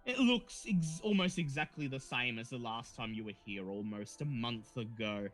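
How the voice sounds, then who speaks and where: A man's voice: mid-range voice, moderate pace, soft background music. A man narrating a tabletop game as game master, with descriptive storytelling and some hesitation.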